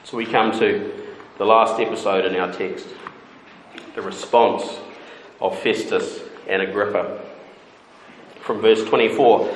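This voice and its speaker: A man preaching an expository sermon in an earnest, emphatic way, with dramatic pauses. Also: lowish voice, fairly even intonation, a little hiss or hum. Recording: echoey hall with long reverb.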